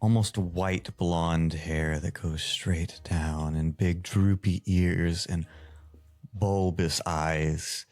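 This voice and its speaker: A man narrating as game master, describing scenes in a relaxed way with frequent ums. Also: low-pitched, extremely slow, no echo. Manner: relaxed, filler-heavy narration.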